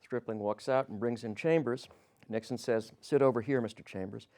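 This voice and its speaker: A man's voice: medium pitch, moderate pace, a little mellow. A man narrating a history podcast, reading out quoted dialogue with small shifts of tone and the odd correction of a slip. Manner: reads quoted dialogue with light changes of tone; slips and corrects himself as he reads.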